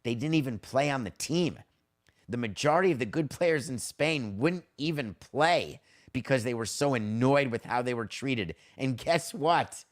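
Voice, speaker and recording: A man's voice: mid-range voice, expressive, normal speed. Middle-aged guy doing his sports podcast, blunt and wry, just chatting casually. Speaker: podcast host. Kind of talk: casual sports talk monologue.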